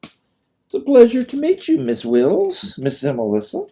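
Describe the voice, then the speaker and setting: A man's voice: very high-pitched, huge pitch swings, unhurried, dark tone, pitched above the performer's own voice, exaggerated voice. A man voicing Mrs. Burrell, a gracious, courtly plantation hostess, in an author-narrated storybook reading. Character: genteel older Southern hostess, gracious.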